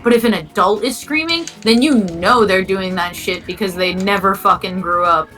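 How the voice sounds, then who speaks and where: A woman's voice: medium pitch, normal speed, pushed and bright, soft background music, rough recording. A woman in a casual gaming chat, talking bluntly and swearing often. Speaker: co-host.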